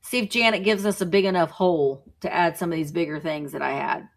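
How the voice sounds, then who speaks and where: A woman's voice: fairly low pitch, steady tone, a little fast. A woman selling vintage items in a live online auction, chatting playfully while she calls the lots.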